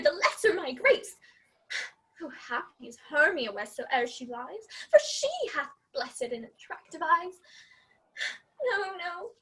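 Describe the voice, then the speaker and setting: A woman's voice: extremely high pitch, a bit bright, full character voice. A girl playing a pleading, lovelorn young woman. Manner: emotional, tearful verse delivery. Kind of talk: amateur student Shakespeare performance. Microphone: video call.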